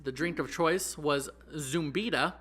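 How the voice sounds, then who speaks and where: Young male podcast host, brightish higher voice, animated swearing storyteller. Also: unhurried, husky. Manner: animated, profane, exaggerating storyteller. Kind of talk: casual storytelling chat.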